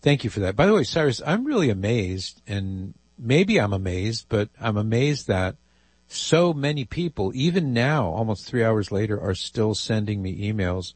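A man hosts a call-in radio show, reading listener emails aloud and dropping amused asides. His voice sits low with a husky edge. The studio sound is dry and close. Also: lively intonation, moderate pace, no room sound. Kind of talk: casual call-in radio talk.

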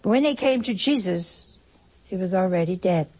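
A woman preaching an emotional sermon, pausing dramatically and dropping at times to a whisper. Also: lowish voice, expressive, darkish tone, breathy edge.

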